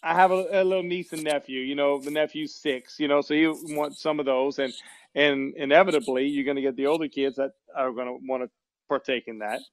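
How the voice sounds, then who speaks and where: A man's voice: on the high side, steady tone, a little fast, no echo, rough recording. Rambling man from Louisiana, dry sound. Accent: faint Louisiana. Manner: rambling, restarts and self-corrections. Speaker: podcast co-host. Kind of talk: casual chat.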